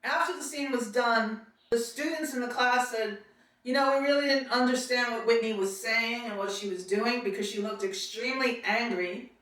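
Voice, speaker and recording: A woman's voice: a little high, moderate pace, a bit bright, very echoey, recorded from a distance, slight background noise. A woman from Queens with a New York accent, telling stories about acting class in a chatty way and acting out quotes. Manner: chatty, laughs often, acts out quotes. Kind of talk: casual storytelling monologue.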